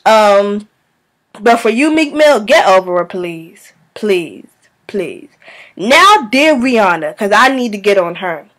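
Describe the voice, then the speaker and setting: A woman vlogger ranting to her viewers in a sassy, animated, scolding way. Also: medium pitch, unhurried. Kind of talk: casual rant to camera.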